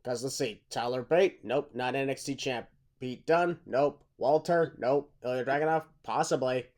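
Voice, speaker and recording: A man co-hosts a casual podcast with a steady, middle-pitched voice. He talks in a matter-of-fact way and teases his partner lightly. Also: normal speed. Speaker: podcast co-host. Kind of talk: casual wrestling chat.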